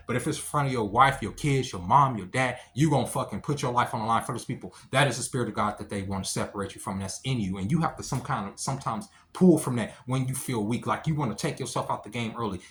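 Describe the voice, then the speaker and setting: A man's voice: mid-range voice, a little hiss or hum. Man in an impassioned, profane monologue. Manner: profane and emphatic, repeats phrases, swings between loud and soft. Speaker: online commentator.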